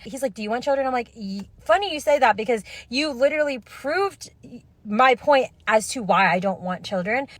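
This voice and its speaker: Exasperated high-voiced young woman. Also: no echo. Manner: exasperated, talks straight to viewers. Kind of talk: storytime vlog.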